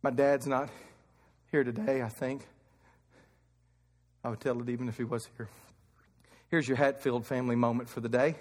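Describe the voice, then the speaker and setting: A man's voice: medium pitch, level tone, moderate pace, pauses often, long reverb tail. A man in his thirties from Kentucky preaching a fervent sermon, telling stories from the pulpit. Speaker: pastor.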